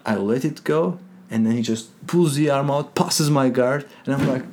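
Animated man telling a fight story. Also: medium pitch, normal speed, a little hiss or hum. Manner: animated, acts out quotes, non-native grammar. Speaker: guest, jiu-jitsu competitor. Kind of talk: casual storytelling interview.

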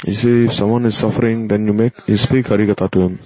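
A man giving an earnest, admonishing devotional sermon, with pauses and fillers. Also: lowish voice, steady tone, darkish tone. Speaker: spiritual teacher. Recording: dull lo-fi recording.

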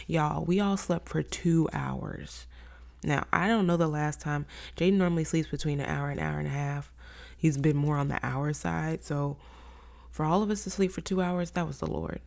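Low gravelly woman podcaster. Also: normal speed, a little mellow. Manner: candid storytelling, acts out her own quoted thoughts. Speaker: podcast host. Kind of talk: faith-based podcast monologue.

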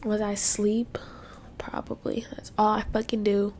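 A woman's voice: mid-range voice, little pitch movement, normal speed, darkish tone, a little hiss or hum. A woman hosting a casual solo podcast. She is teary after crying and vents in a frank, profane, frustrated way with lots of fillers. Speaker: podcast host. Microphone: podcast microphone.

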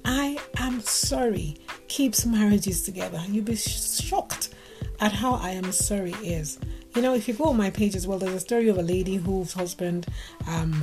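A woman's voice: fairly low pitch, normal speed. A woman from Africa, telling a story and giving relationship advice, acting out the dialogue with animation. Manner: animated, acts out quoted dialogue. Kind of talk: storytelling talk. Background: music playing.

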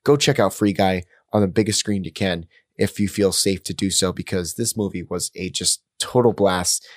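A man's voice: low voice, moderate pace, no echo, clean studio sound. A man hosting a movie podcast in casual chat, enthusiastic and upbeat, often repeating words as he goes. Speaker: podcast host.

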